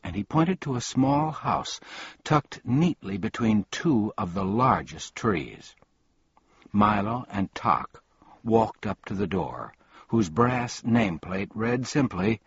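A man narrating an audiobook in an unhurried, expressive storytelling manner, on a slightly dull, dry recording. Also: on the low side, breathy edge, dry recording. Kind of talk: audiobook reading.

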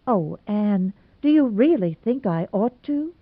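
A woman's voice: mid-range voice, lively intonation, slow pace, no room sound, pitched above the performer's own voice. A woman voicing a timid young woman torn between her father and her suitor, pleading and anxious. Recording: tinny phone-like sound, dry.

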